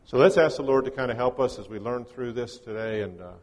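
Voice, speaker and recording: A man's voice: mid-range voice, a little fast. Man, guest preacher, conversational sermon, scripture readings, reverberant hall. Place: church.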